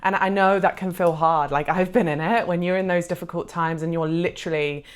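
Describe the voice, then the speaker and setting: Woman, low voice, tarot reader; gentle, reassuring, heartfelt delivery. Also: steady tone, fairly quick, clear, resonant tone. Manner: gentle, reassuring, heartfelt, many soft fillers. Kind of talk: pick-a-card tarot reading.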